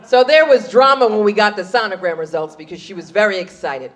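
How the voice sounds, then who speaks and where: A woman's voice: medium pitch, expressive, fairly quick, hardly any pauses. A woman doing a stand-up comedy set, telling punchy stories on a club stage and slipping into character voices.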